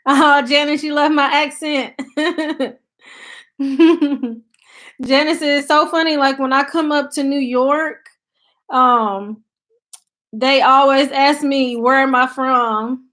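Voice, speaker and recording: Woman, American country accent, high voice, casual live-stream chat, chatty, lots of fillers. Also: steady tone, takes it slowly, pauses often, fairly bright tone. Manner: chatty and loose, thinks aloud with many fillers. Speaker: YouTube channel host. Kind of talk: casual live-stream chat, reading viewer comments aloud.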